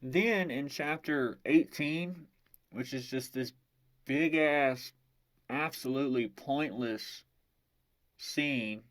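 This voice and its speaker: A man's voice: medium pitch, a bit bright. A man giving a ranting book review, profane and sarcastic.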